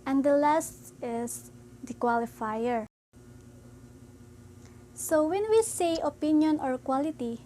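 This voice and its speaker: A high-voiced woman teaching a grammar lesson at a slow, careful pace. She explains haltingly, pausing to start her points with "so" and an occasional "um". A faint hum sits under her voice. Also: warm tone, poor audio.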